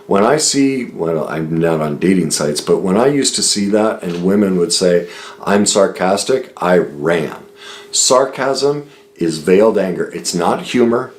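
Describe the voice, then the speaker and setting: A man's voice: deep voice, a little hiss or hum, low-quality recording. A man streaming a solo talk, earnest and emphatic as he explains a book and repeats his points in lists.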